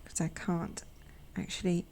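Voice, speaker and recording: A woman hosting a watercolor channel, chatting gently as she paints swatches, sometimes dropping to a soft near-whisper and making self-deprecating asides. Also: a little slow, slight background noise. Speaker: watercolor artist and channel host. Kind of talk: casual narration while painting swatches.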